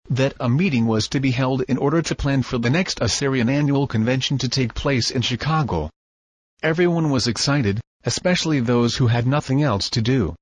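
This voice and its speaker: Husky man narrating a book. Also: mid-range voice, dry recording. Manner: measured, formal reading. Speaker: audiobook narrator. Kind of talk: scripted narration.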